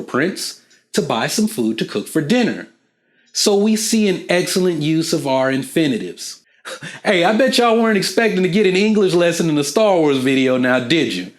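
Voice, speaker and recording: A man hosting a casual explainer video, talking straight to the viewer in an animated way and acting out small dialogues. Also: fairly high pitch. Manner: animated, acts out little back-and-forth dialogues; asks the viewer questions. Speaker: video host.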